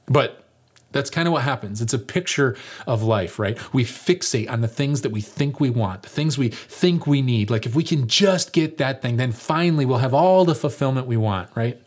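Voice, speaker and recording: A young man, a pastor, opening his sermon with a lively personal story and putting casual questions to his congregation. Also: medium pitch, normal speed. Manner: animated, self-mocking storytelling; conversational, rhetorical questions to the congregation.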